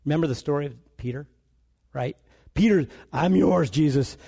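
A man preaching a sermon, telling stories with animated delivery and acting out the dialogue. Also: on the high side, normal speed, creaky, husky.

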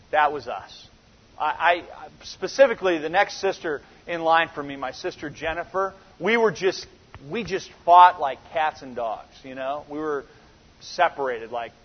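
A man in his thirties preaching a sermon, speaking in an emphatic, conversational way. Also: on the high side. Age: 30s. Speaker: pastor. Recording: dull recording with long reverb in a large hall.

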